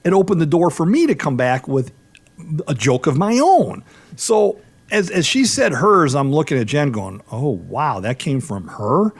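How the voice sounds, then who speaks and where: A middle-aged man hosting a law radio show, telling stories in animated casual banter. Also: fairly high pitch, moderate pace, gravelly. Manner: animated storyteller, rising into exclamations.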